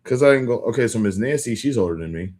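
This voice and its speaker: A young man chatting casually with viewers on a livestream, rambling with lots of filler words and quick restarts. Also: lowish voice, animated, a little mellow. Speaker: livestream host. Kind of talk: casual live-stream chat with viewers.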